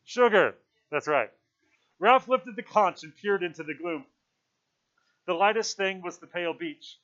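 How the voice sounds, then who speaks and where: A man's voice: high voice, expressive, a little slow, fairly bright tone. A man reading a novel aloud to a class, with casual asides. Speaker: teacher. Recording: dull lo-fi recording.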